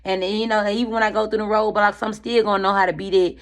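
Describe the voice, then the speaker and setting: A woman talks straight to her viewers in an animated, slangy way, swearing freely and calling them friend. Her pitch sits in an ordinary middle range. She gives a casual motivational chat as a tarot reader. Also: fast.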